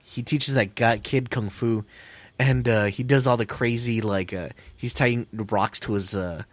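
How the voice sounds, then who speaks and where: Rambling, excitable man on a dry mic. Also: medium pitch, unhurried, no room sound. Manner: rambling, excitable, crude, laughs often. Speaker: podcast co-host. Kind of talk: casual chat.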